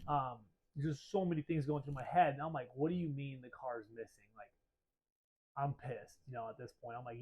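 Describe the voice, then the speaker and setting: A man casually telling a story to the camera, animated and swearing, acting out both sides of phone calls. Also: medium pitch, a little fast, husky, narrow, tinny audio. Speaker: shop owner telling a story.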